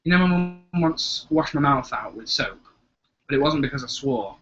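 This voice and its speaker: A man's voice: mid-range voice, lively intonation, moderate pace, fairly bright tone, slight background noise. A young man with an English accent, co-hosting a casual live chat, rambling and hesitant and swearing freely. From England. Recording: dull lo-fi webcam audio.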